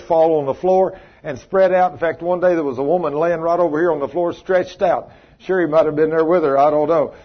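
A man's voice: fairly high pitch, dull audio. A man preaching a fervent sermon in a church, mixing stories with scripture reading. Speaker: pastor.

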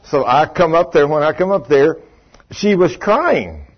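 An older pastor with a drawl tells a folksy story, pitched a little high with a husky edge to the voice. He chuckles between lines and speaks straight to his congregation. The recording sounds dull and muffled. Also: expressive, unhurried. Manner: folksy, chatty, chuckles often, talks to the congregation. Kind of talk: storytelling sermon.

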